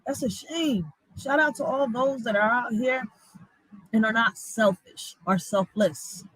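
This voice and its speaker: A woman's voice: fairly high pitch, measured pace, fairly bright tone, slightly rough, no room sound, poor audio. A woman commenting on news clips in a blunt, profane, heated way. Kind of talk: casual live commentary.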